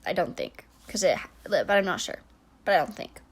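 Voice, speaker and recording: A woman in her twenties giving a chatty, rambling voice-over while building in a game, full of restarts and soft trailing asides. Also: fairly low pitch, expressive, normal speed, husky. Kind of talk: casual voice-over commentary.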